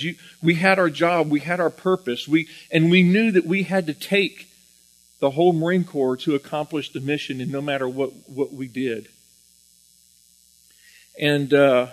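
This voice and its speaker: A man preaching a sermon, a former Marine who talks earnestly, repeats and restarts his words, and grows animated as he tells stories. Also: a little high, low-quality recording.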